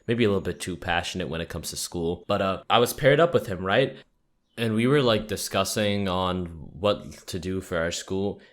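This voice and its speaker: A young man with a notably low voice tells stories in a relaxed, meandering way. He swears offhandedly and leans on "like" between thoughts. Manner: rambling, profane, full of "like" fillers. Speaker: YouTuber. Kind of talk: casual storytelling vlog.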